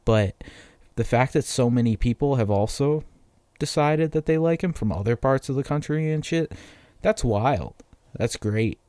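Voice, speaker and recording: A man's voice: mid-range voice, animated, normal speed, dark tone, no echo. Profane rambling young man. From Massachusetts. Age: 20s. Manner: profane, rambling, self-deprecating. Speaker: podcast host. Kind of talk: casual solo podcast rant.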